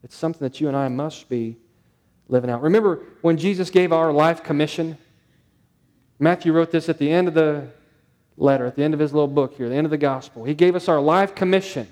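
A man's voice: on the high side, fairly quick, a little mellow. A male pastor preaching a sermon, stressing points through repetition and rhetorical questions.

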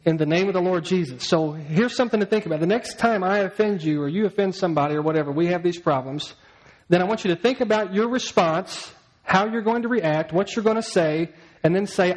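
A man preaching a sermon, his voice sitting a little higher than most men's. He talks to the congregation conversationally and keeps checking in with questions. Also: brisk, low-quality recording. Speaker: pastor.

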